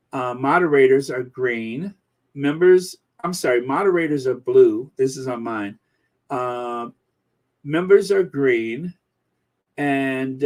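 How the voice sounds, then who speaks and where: A man hosting a live stream, chatting casually and rambling through viewer comments with many fillers. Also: medium pitch. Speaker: channel host reading viewer comments.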